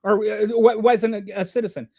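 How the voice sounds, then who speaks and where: A man with a fairly high voice talks through a casual livestream, reading chat messages aloud and commenting on them. His delivery rambles, with frequent restarts and asides, and it stays animated throughout. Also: moderate pace.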